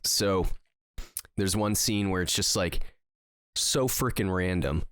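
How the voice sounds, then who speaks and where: A man with a low voice rambles through a funny story on a casual podcast, full of fillers and bursts of laughter. The sound is dry and close. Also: takes it slowly, a bit bright, clear, resonant tone, no echo. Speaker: podcast co-host. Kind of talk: casual chat.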